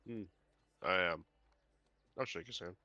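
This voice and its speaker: A man playing a tabletop game, speaking in a terse, low-key, mumbling way over a dull lo-fi mic. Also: a little slow, sharp tone, no room sound. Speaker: player. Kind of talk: casual tabletop play.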